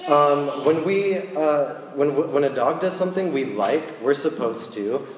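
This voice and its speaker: A young man preaching a sermon in a church, casual and animated as he tells stories. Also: a little high, a little slow, roomy sound, big-room sound, a little hiss or hum.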